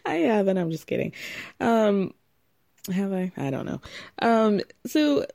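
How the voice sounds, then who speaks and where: A woman's voice: mid-range voice, sing-song, takes it slowly, a little mellow. A young woman recapping a reality TV show in a chatty, sarcastic way, laughing often at the drama. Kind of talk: casual recap commentary.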